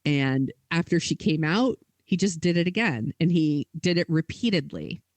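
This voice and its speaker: A woman's voice: low voice, lively intonation, moderate pace, no room sound. A woman co-hosting a podcast, telling a story in casual chat with lots of "like" and quoted dialogue. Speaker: podcast co-host.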